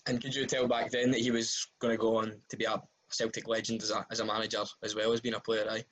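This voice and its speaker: A man's voice: fairly low pitch, monotone, quick pace, fairly bright tone, slight background noise, low-quality recording. A man interviewing a guest, asking long leading questions between short prompts.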